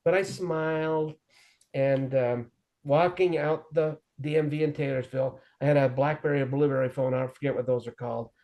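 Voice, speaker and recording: A man's voice: medium pitch, fairly even intonation, moderate pace, dark tone. A middle-aged man frankly telling his own recovery story as an interview guest, with self-deprecating humor. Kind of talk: candid personal storytelling.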